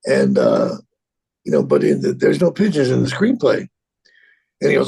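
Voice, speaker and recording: An actor in his sixties telling a rambling, profane story in an interview, halting and repeating himself. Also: mid-range voice, huge pitch swings, dark tone. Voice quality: gravelly, husky.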